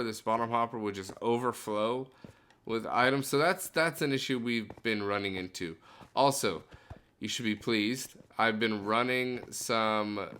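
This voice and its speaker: A man's voice: lowish voice, fairly bright tone, smooth. A young man giving casual gameplay commentary as a YouTuber, rambling and breaking into frustrated outbursts. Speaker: gaming YouTuber.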